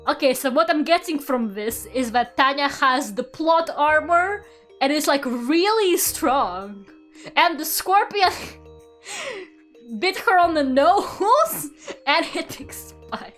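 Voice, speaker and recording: A woman's voice: sits high, big pitch swings, slow, fairly bright tone. A young woman streamer chatting casually and reading a book aloud, giggly and sarcastic, swearing and tripping over words. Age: young adult. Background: faint background music.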